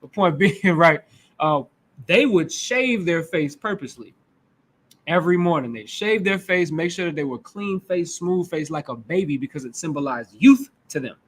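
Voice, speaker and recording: A man with a slightly high voice and a Midwestern American accent leads a sermon as a conversational teaching. He speaks loosely and informally, checks in with his listeners as he goes, and often restarts his thoughts mid-sentence. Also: expressive, normal speed. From United States. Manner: loose and informal, talks back and forth with the congregation, frequent restarts. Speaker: preacher.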